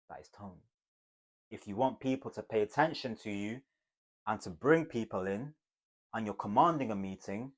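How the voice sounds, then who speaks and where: A man teaching communication skills to camera in an emphatic, motivational way, swinging between loud bursts and hushed asides. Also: lowish voice. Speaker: communication coach.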